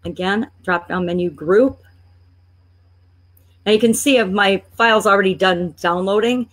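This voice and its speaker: A woman with a medium-pitched, slightly bright voice coaches online business. Clicking through a screen-share tutorial, she chats and reasons aloud and grows playfully exasperated with her slow machine.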